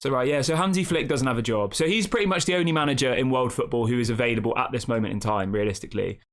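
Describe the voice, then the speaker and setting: A man's voice: medium pitch, racing. A man hosting a fan channel live stream, rambling casually and reacting to the chat with rhetorical questions.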